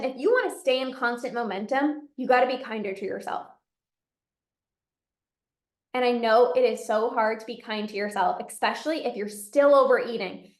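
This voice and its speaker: Woman, high-pitched, earnest coach, casual chatty advice, echoey room. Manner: earnest, conversational, many "like" and "right?" fillers. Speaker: binge eating coach. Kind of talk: casual direct-to-camera advice.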